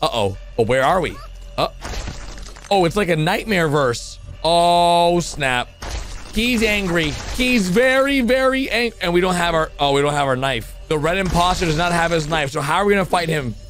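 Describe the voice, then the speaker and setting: High, animated young man reacting excitedly. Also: moderate pace, soft background music. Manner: excitable, exclaiming, talks to viewers as "boys" and "bro".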